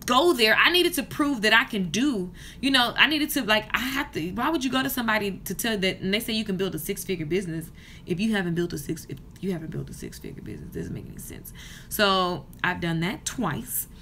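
In a hotel room, a woman in her thirties who works as a hair stylist and business coach launches into a casual, fired-up vlog rant to camera. Her mid-range voice moves fairly quickly with a sharp edge, and a faint hiss or hum sits under the recording.

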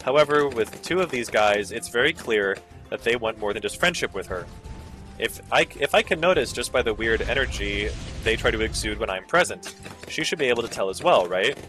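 A man casually commenting over a video game, ranting and sarcastic, swearing freely and jumping into squeaky high bits. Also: animated, a little fast, a bit bright, faint music behind. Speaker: gaming video host.

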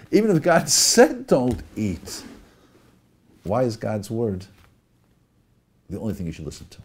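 A smooth-talking serpent played by a man coaxes with question after question. His voice swings up and down with lively pitch. The tone is rough and gravelly, with a husky edge. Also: heavily acted. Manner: coaxing, rhetorical questioning. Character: sly persuasive male serpent tempter.

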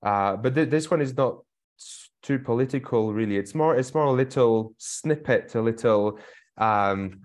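A man's voice: mid-range voice, normal speed. A man introducing a poem over a video call, hesitant, with frequent restarts. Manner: hesitant, many fillers and restarts. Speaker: poet and researcher. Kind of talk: casual spoken introduction.

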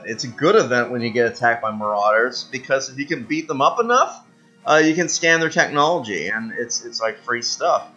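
A man's voice: medium pitch, bright, forceful tone, dull audio. Rambling man commenting on a strategy game. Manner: rambling, many fillers and restarts, self-mocking. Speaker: gaming video host.

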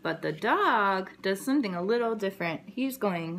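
A woman educator reading a picture book aloud to young children, telling the story gently and expressively and adding sound effects. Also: mid-range voice, lively intonation, normal speed, noisy background.

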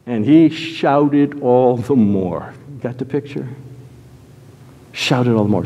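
A man preaching a sermon, animated, jumping from loud exclamations to quiet asides. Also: medium pitch, measured pace, husky, in a large hall, highs cut off.

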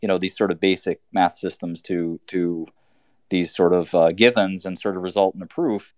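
A man with a very low, deep voice talks through an idea in casual conversation. He thinks aloud as he goes, halting, restarting and filling pauses. The sound is dry and close, with no room around it. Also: steady tone, a little mellow, no room sound. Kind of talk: casual chat.

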